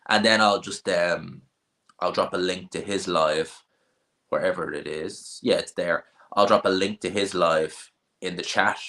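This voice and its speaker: Man, North Dublin accent, low voice, bright forceful tone, casual livestream chat, blunt offhand opinions. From Ireland. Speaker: livestream host. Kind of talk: casual livestream chat answering viewer questions.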